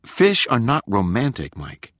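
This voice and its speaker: A man's voice: mid-range voice, wildly swooping pitch, a little slow, a bit bright, no room sound, clean studio sound, voice pushed up, heavily acted. A man voicing a wry young woman who teases and needles in a sarcastic, exasperated way. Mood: wry teasing.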